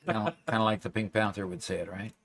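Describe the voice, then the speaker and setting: A man with a fairly low voice chats while playing a video game with a friend. He thinks aloud, restarting his sentences as he works through problems in the game. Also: steady tone, fast, a bit bright, a little hiss or hum. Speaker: co-player. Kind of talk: casual gaming chat.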